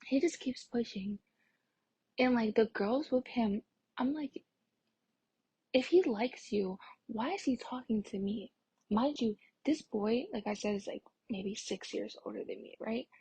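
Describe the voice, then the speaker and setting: Young woman rambling thru a storytime, super husky airy voice, says like a lot, dry close sound. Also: fairly high pitch, a little slow, dark tone, dry recording. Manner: rambling, filler-heavy, lots of "like"; drops into a breathy whisper at times. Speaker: vlogger. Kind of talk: casual storytime.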